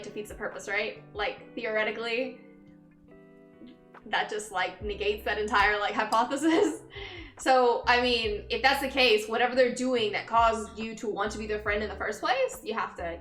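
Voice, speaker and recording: A woman's voice: fairly high pitch, moderate pace, fairly bright tone, faint music behind. A young woman streaming casually, chatting with viewers, laughing often and greeting them upbeat. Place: empty room, indoors. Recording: echoey empty room.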